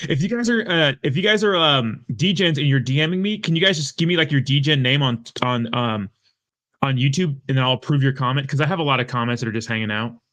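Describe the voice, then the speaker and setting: A man chatting live with his viewers, hungover and quick to curse. He talks in a heated way, reading comments aloud and answering them off the cuff. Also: mid-range voice, fairly bright tone. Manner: profane, heated, reacting to chat. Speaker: crypto livestream host. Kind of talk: casual livestream chat reading comments.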